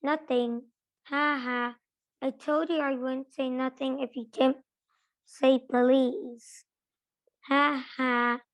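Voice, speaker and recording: A woman's voice: high voice, level tone, slow pace. Woman reading as a taunting poltergeist. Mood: sing-song teasing. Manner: sing-song teasing. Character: mischievous male poltergeist, gleeful and taunting.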